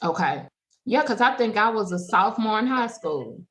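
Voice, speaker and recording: A woman's voice: medium pitch, animated, normal speed, a bit bright. A woman in her thirties hosting a podcast and interviewing her mother with casual, probing follow-up questions. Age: 30s. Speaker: podcast host.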